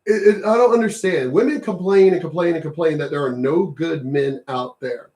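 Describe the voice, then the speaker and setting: Male vlogger, high-pitched, profane repetitive ranting. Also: moderate pace, darkish tone. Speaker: commentary vlogger. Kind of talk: ranting commentary on clips.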